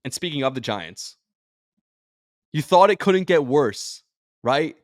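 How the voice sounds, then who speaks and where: In a studio-quality recording without echo, a sports radio personality hosting his podcast talks slowly in a fairly high, expressive voice. He comes across as drained and emotional, wandering from one thought to the next.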